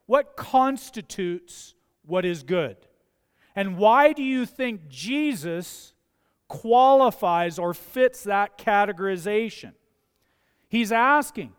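A man's voice: sits high, smooth. A man preaching a sermon as pastor, talking conversationally with everyday stories and building emphasis on his key points. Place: church sanctuary. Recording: church livestream with long hall reverb.

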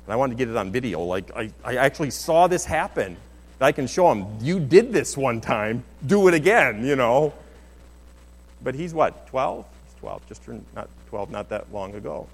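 A man's voice: mid-range voice, animated, normal speed, gravelly. A middle-aged man preaching a sermon as pastor, in an earnest, conversational way with many restarts. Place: church sanctuary. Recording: long hall reverb.

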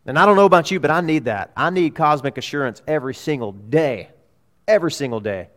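A man preaching a sermon as a pastor in a church, emphatic, repeating key phrases and swinging between loud urgency and hushed tones. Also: fairly high pitch, expressive, fast talker.

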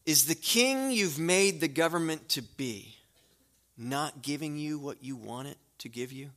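A middle-aged pastor with a bright, forceful voice that sits a touch high for a man. He preaches in a conversational way, speaking directly to the congregation and moving from near-whispered asides to ringing, emphatic lines. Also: expressive, unhurried. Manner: swings from hushed asides to loud, emphatic declarations. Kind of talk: sermon.

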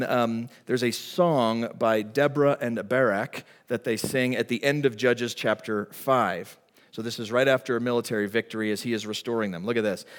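A middle-aged male pastor delivers a sermon with a middle-pitched voice. He tells stories in an animated, emphatic way. His voice rings with the long reverb of a church hall.

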